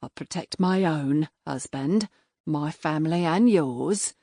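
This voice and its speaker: A woman's voice: low-pitched, slow, dark tone, no room sound, clean studio sound, exaggerated voice. A woman voicing a defiant, protective farmer's wife who speaks firmly. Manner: firm, defiant.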